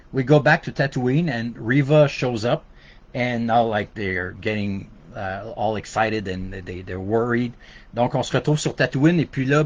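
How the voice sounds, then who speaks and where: A man's voice: mid-range voice, highs cut off. A man with a Québécois French accent, hosting a casual podcast and talking loosely with many fillers and restarts. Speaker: podcast host. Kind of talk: casual bilingual podcast chat.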